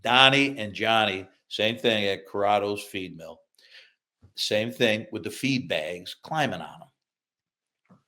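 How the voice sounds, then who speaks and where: An older man from upstate New York, an author telling lively childhood anecdotes in a podcast interview. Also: lowish voice, slow. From upstate New York, USA. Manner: lively anecdotes, acts out quoted voices, laughs through punchlines. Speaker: author and guest.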